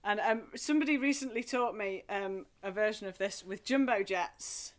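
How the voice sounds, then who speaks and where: A woman leading a remote singing lesson from home, talking in a gentle, encouraging, chatty way with playful asides. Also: medium pitch, normal speed. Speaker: singing group leader. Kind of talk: friendly remote group singing and movement lesson.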